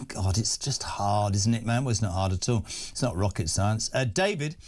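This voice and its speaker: A man's voice: fairly low pitch, lively intonation, normal speed, darkish tone. A man hosting a live radio phone-in from a studio, chatty and reading listener messages aloud with frequent "uh" fillers.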